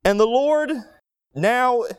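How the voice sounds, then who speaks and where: A man preaching a sermon, telling a Bible story with animated asides and acted-out quotes. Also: very high voice, slow, clear, resonant tone.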